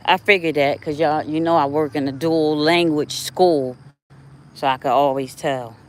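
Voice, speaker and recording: An older woman talking casually to her viewers while she walks outdoors, with a chatty and animated manner. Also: deep voice, moderate pace. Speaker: vlogger. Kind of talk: casual walking vlog. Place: outdoors on a neighborhood walk. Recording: faint outdoor noise.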